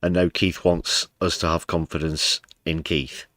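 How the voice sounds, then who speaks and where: Very deep-voiced British man, wry. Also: flat delivery, unhurried, a bit bright, no room sound. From United Kingdom. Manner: wry, sarcastic asides. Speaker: livestream news host. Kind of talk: casual political commentary.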